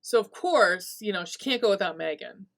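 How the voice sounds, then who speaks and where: Gravelly and mid-range, this woman's voice moves at a moderate pace as she hosts a podcast and casually retells a horror film. She swears freely and laughs a lot, keeping the story animated.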